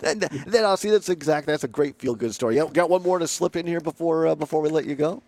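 Male radio host, gravelly, easygoing jokey banter. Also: on the high side, fast, darkish tone. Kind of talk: casual radio talk.

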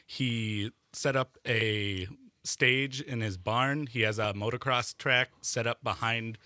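A man, a radio guest, explains the venue and how to get there, hesitating with frequent ums. His voice is bright and clear. The studio mic is close and dry. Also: medium pitch, slow pace, no echo. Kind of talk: casual radio interview.

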